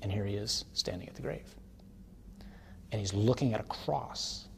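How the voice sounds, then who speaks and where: A man, a priest, giving a teaching talk on worship in a conversational way, tossing in tag questions and building to forceful, emphatic declarations. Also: fairly low pitch, moderate pace, vocal fry, slight background noise.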